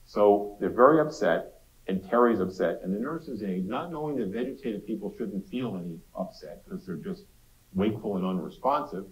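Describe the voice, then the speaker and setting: Low-voiced man lecturing in an echoey hall. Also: expressive, moderate pace. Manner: conversational, addresses students directly with quips. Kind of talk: university lecture.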